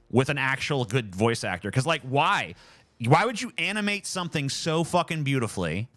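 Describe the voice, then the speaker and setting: A man's voice: medium pitch, dry recording. A man streaming live from home, chatting casually and ranting with lots of swearing. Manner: animated, profane, ranting.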